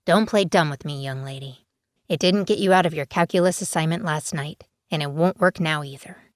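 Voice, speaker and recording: A woman's voice: low-pitched, fairly quick, no room sound, lightly acted. A woman reading as a stern clipped dragon woman. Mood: firm, dry. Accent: New York. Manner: clipped, firm and dry. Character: stern, dry-witted dragon woman in human form.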